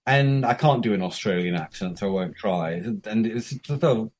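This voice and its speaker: A man, chatting as a podcast guest and telling a story with lively, freely swearing delivery and acted-out dialogue. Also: on the low side, normal speed. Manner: animated, swears freely, acts out quoted dialogue. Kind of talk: casual storytelling chat.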